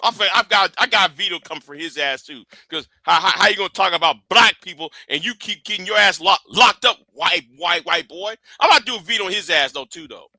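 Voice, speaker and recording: A man ranting on his livestream in a high, very bright voice. He is blunt, profane and emphatic, and the sound is dry and close. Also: expressive, fast, hardly any pauses, no room sound. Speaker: livestream host. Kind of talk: heated commentary rant.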